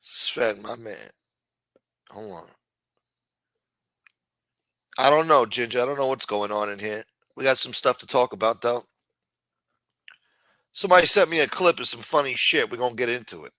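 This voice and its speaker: A bright, forceful man hosts a late-night live stream and riffs on viewer comments. His talk rambles and is full of cursing. The sound is dry and close to the mic. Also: medium pitch, moderate pace, no echo. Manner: profane, rambling and riffing. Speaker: live-stream show host. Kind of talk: casual chat, reading viewer comments.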